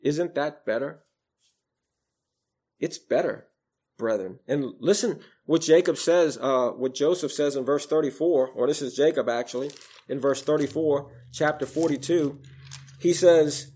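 A male preacher with a slightly higher-than-usual voice, delivering a sermon. He swells into loud, emphatic stretches and then drops to hushed, low lines. He quotes scripture in old King James wording. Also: a little slow, husky. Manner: rises and falls in volume, emphatic then hushed.

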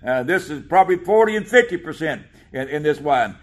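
A man preaching a sermon, reading scripture aloud slowly and with emphasis, with some hesitant fillers. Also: a little high, expressive.

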